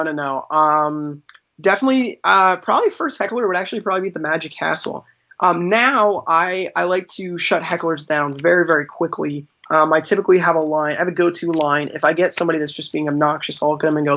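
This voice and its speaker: A man's voice: on the high side, steady tone, brisk, bright, forceful tone. Chatty man on a dull, lo-fi line. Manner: chatty, laughs often, many fillers. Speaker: magician, podcast guest. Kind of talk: casual interview storytelling. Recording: dull lo-fi sound.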